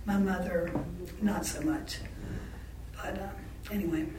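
A woman's voice: on the low side, steady tone, measured pace. A blunt, outspoken woman recounting her family life as an interviewee in an oral history. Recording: roomy echo, distant mic, faint background noise.

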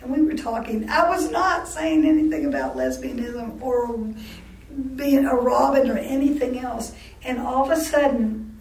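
Candid woman recalling past, roomy distant sound. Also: a little high. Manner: candid, halting with frequent restarts; laughs wryly between remarks. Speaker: interviewee. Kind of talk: oral history storytelling.

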